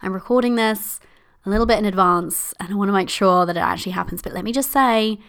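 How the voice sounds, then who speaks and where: A woman hosting her own podcast, bubbly and playful, going sing-songy when she gets excited. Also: medium pitch, fast talker. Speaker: podcast host and success coach. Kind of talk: solo podcast talk.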